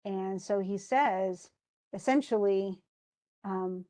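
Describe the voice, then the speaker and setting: A woman's voice: mid-range voice, takes it slowly, mellow. A woman teaching a lesson, retelling a play scene by scene and paraphrasing its lines in everyday speech, with many fillers.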